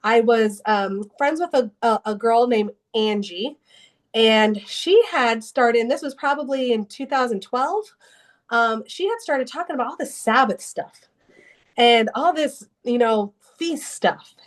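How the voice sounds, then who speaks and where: As an interview guest, a young woman shares a personal testimony about a turning point in her faith, speaking earnestly and emotionally at a measured pace. Her slightly high voice often restarts sentences as feeling catches up with her, punctuated by bursts of laughter.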